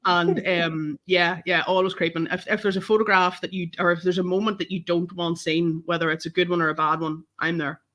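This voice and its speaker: A woman's voice: on the low side, fairly quick, hardly any pauses. A Northern Irish woman, a photographer guest on a podcast, telling stories in casual chat and swearing freely. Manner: animated storytelling, swears freely.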